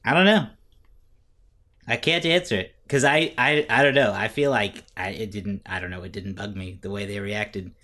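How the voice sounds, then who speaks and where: A man's voice: fairly low pitch, normal speed, bright, forceful tone. A man in a casual conversation about a movie, hesitant and full of fillers as he pushes back on the other side.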